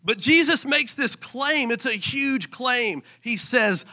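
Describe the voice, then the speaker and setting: Man preaching, high pitch, bright tone, joking, animated sermon. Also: slow pace, few pauses. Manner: playful, animated, joking asides. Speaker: pastor.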